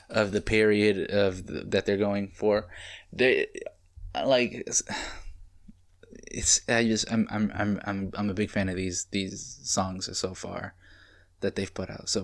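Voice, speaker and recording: A young man casually reacting to an album at home, rambling and excitable, swearing as he goes. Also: on the low side. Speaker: music reaction host. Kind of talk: casual music reaction commentary. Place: home, late at night. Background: faint music playing.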